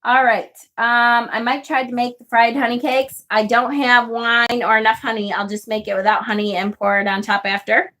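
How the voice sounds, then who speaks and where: A woman's voice: a little high, level tone, normal speed, hardly any pauses, bright, forceful tone. A woman in her forties chatting casually as a vlogger, telling a rambling story and laughing often. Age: 40s. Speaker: witchcraft vlogger.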